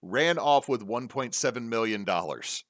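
A man hosting a casual podcast, rambling with many fillers and pauses. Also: medium pitch, expressive, fairly bright tone, no echo, clean studio sound. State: hiccups. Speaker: podcast host.

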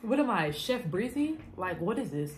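A woman vlogging as she tastes her own cooking, animated and quick to laugh, with casual swearing and a Black way of talking. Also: medium pitch, slight background noise. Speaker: food vlogger. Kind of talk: casual cooking vlog chat.

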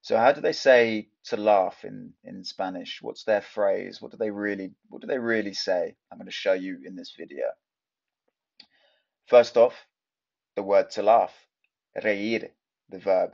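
Low gravelly man teaching casually. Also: darkish tone, muffled recording. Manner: chatty, explains step by step. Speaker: language teacher. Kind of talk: casual video lesson.

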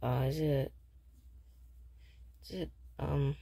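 Rambling improviser with a creaky, gravelly voice, dry close sound, mid pitch, fillers everywhere. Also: level tone, takes it slowly, no echo. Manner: rambling, hesitant, full of fillers and restarts; switches to whispers and loud squeaky outbursts. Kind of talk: improvised silly skit with toys.

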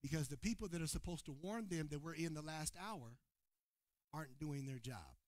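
A man preaching a sermon to his congregation, calling on people by name and swinging between shouted points and quiet asides. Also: a little high, expressive, moderate pace, no echo, clean studio sound. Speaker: pastor. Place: church sanctuary before a congregation.

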